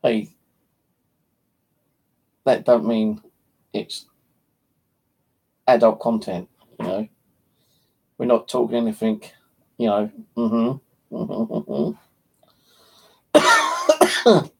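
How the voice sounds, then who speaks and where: An English man rambles through a casual live stream, joking crudely as he goes. His voice is gravelly and a touch husky, with a slight lisp from missing teeth. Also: fairly low pitch, fairly even intonation, extremely slow, pauses often, dark tone. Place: home.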